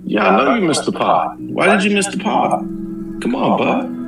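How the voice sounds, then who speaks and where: Animated co-host in an echoey room. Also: male voice, sits high, moderate pace, vocal fry, over music. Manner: lively, animated, teasing. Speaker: podcast co-host. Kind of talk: casual gaming podcast chat.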